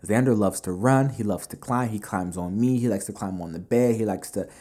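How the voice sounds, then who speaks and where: Mellow-voiced man telling business stories. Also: fairly low pitch, fairly quick. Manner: animated storyteller, conversational with many fillers. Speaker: business podcast host. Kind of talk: casual motivational talk.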